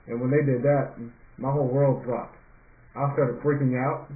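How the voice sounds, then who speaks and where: A man's voice: medium pitch, steady tone, normal speed. Rambling young man, tinny echoey audio. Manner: rambling, full of fillers and restarts. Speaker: believer recounting a dream. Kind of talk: earnest spoken testimony.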